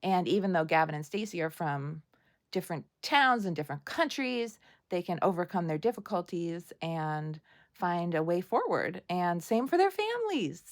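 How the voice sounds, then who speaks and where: A woman's voice: on the low side, very animated, normal speed. An American woman talking casually to camera as a vlogger reviewing TV, chatty and gushing, with many fillers. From United States.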